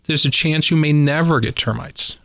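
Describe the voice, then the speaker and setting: A man's voice: a little high, moderate pace, gravelly, no room sound. A man speaking as a guest expert on a radio talk show, telling stories with lots of "uh" fillers. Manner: animated storyteller, many "uh" fillers. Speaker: pest control guest expert.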